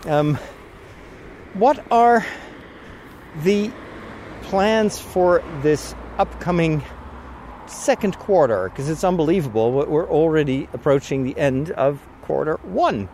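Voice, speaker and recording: A man's voice: a little high, animated, measured pace, darkish tone, slight background noise. A man talking casually on a walking vlog, rambling and chatty with frequent laughs, a little out of breath from walking outdoors. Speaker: vlogger. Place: outdoors on a walk.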